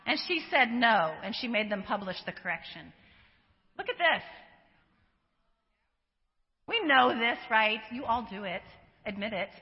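A woman counselor giving a conversational talk to a live audience, animated and given to acting out the remarks she quotes. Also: fairly high pitch, measured pace, long pauses. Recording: dull lo-fi sound, long hall reverb.

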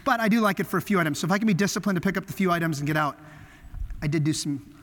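A man preaching a sermon, telling stories with animated swings between loud emphasis and hushed asides. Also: high-pitched, very fast. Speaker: pastor. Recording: long hall reverb.

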